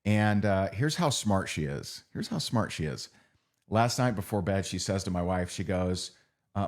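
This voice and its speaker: Lowish-voiced man giving a lively motivational talk. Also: a little slow. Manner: conversational, repeats phrases, asks the audience "right?". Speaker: speaker at a training session.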